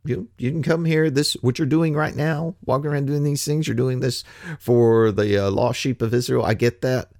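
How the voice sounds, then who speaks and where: A man preaching a casual sermon, wry and animated, slipping from scripture into slangy paraphrase. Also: mid-range voice, normal speed, dry recording, studio quality.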